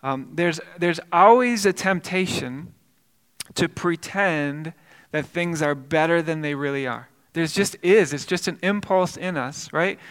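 A man's voice: on the high side, unhurried, a bit bright, clear, resonant tone, long reverb tail. A male pastor preaching a sermon, telling a story earnestly with frequent repeated words and restarts.

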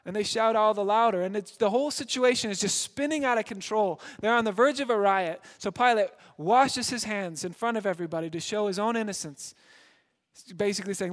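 A man preaching a sermon as a dramatic story, shifting between loud emphasis and hushed moments. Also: high-pitched, a little fast. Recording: long hall reverb.

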